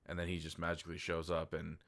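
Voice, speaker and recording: A man's voice: low voice, monotone, quick pace, vocal fry, a bit bright. A man giving a casual, rambling movie review, candid and loose, with lots of filler words and the odd swear.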